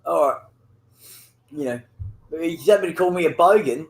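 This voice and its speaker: A man's voice: a little high, moderate pace, creaky. A man in casual banter with a friend over voice chat, rambling and teasing, swearing constantly. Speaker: gamer chatting with a friend.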